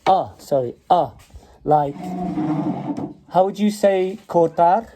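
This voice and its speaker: A man's voice: sits high, slow pace, noisy background. A man with a Staffordshire Midlands accent teaching English phonics at home, patiently drawing out and repeating vowel sounds, recorded on a mobile phone propped on a dining table. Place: home dining room with children present.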